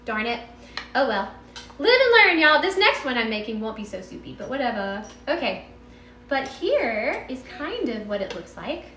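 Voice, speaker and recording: A woman's voice: fairly high pitch, big pitch swings, normal speed, sharp tone, roomy sound. A woman with a Texan accent chatting casually in her home kitchen during a live cooking stream, bubbly and meandering as she talks to viewers. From Texas.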